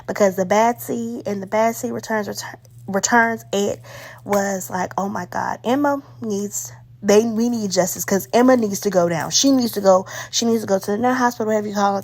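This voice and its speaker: A woman talks through a movie review in a loose, chatty way. She gets excitable, uses plenty of slang and fillers, and her voice sits at a middle pitch. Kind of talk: casual spoken movie review.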